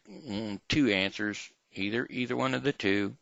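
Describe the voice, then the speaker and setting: A man hosting his own casual home show, talking slowly and hesitantly with lots of fillers. His voice is gravelly yet bright-edged. The sound is dry, dull and lo-fi. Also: fairly low pitch, lively intonation, no room sound. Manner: rambling, hesitant, many fillers. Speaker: host of a daily home show. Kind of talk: casual rambling chat and story reading.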